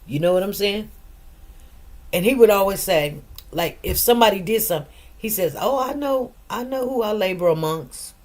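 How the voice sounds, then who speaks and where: A middle-aged woman, hosting a casual livestream and talking straight to her listeners with lots of emphatic asides. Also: on the high side. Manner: chatty, emphatic, addresses listeners directly with frequent asides. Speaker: livestream host.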